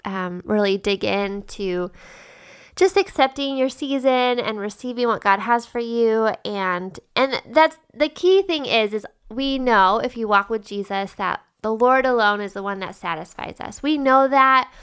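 A woman's voice: a little high, a little slow, a bit bright, smooth. Giggly woman co-hosting a faith podcast. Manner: giggly, teasing, thinks aloud with fillers. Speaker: podcast co-host. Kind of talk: casual faith podcast chat.

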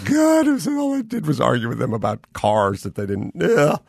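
A man's voice: mid-range voice, huge pitch swings, normal speed, creaky, a little mellow, dry recording, studio quality. A man hosting a podcast, chatting casually and telling profane stories with acted-out quotes. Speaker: podcast host. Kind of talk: casual chat.

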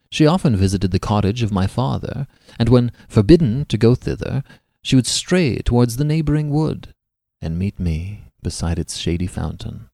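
A man reading a classic tale aloud as the podcast's narrator, with an expressive, dramatic delivery. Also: on the low side, creaky, dry recording, studio quality. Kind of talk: scripted narration of a classic story.

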